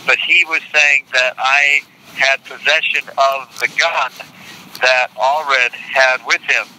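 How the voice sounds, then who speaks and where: An older man being interviewed, reading court transcript quotes aloud in a deliberate, indignant way and repeating lines for emphasis. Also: mid-range voice, steady tone, pushed and bright, slight background noise, rough recording. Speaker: interview guest.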